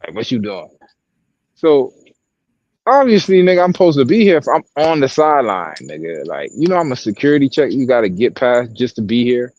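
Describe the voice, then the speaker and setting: A man's voice: mid-range voice, fairly quick, dry recording, dull audio. A man co-hosting a podcast, telling a long profane story in casual chat. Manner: profane, animated storytelling with acted quotes. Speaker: podcast co-host and sideline broadcaster.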